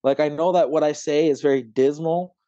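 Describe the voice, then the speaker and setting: Podcast guest, man, raised pitch, mellow dull tone, emotional and impassioned. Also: fairly even intonation, a little fast, no echo. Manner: impassioned, swearing, rambling with many fillers. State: close to tears. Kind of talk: emotional conversation.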